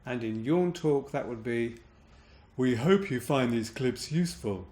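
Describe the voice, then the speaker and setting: A man's voice: medium pitch, lively intonation, a little slow, a little mellow. A man voice coach demonstrating different voice qualities.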